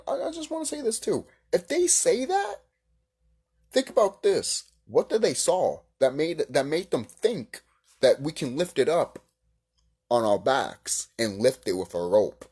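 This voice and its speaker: Man reacting on his channel, husky tone, lively pitch, profane heated rant. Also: unhurried, long pauses. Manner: heated, profane, swings between shouting and hushed musing. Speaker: video creator reacting to a clip. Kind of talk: ranting reaction commentary.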